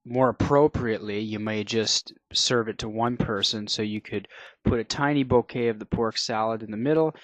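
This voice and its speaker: A man hosting a cooking show, explaining each step in a relaxed way with frequent fillers. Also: fairly low pitch, normal speed, dry recording. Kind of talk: cooking demonstration.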